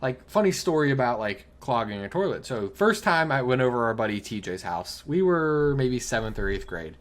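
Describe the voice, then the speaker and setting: A man's voice: mid-range voice, very animated, normal speed. A young man co-hosting a podcast, telling stories in casual chat, swearing and laughing often. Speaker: podcast co-host.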